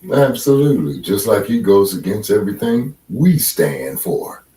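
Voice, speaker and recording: A man's voice: lowish voice, sing-song, moderate pace, warm tone, distant mic. A man co-hosting a casual political chat, talking bluntly and profanely with strong emphasis. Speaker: co-host. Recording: roomy echo, set back from the mic.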